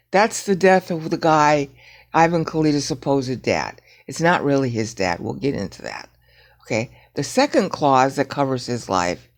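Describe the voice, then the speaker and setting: A woman teaching Bible prophecy in a rambling screen-share lecture, often checking in with "okay?" and grumbling at her software. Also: low voice. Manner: digressive, frequent "okay?" checks, irritated asides at software.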